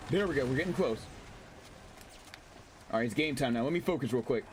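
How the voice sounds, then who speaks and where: A man casually commentating his gameplay on a stream, excitable, swearing, laughing and reading chat aloud. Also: mid-range voice, a little fast, noisy background.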